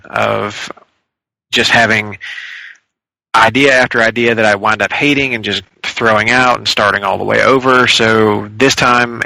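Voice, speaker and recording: Gravelly, low-voiced male podcast guest. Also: sharp tone, no echo, poor audio. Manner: rambling, thinking aloud with fillers. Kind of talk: casual podcast discussion.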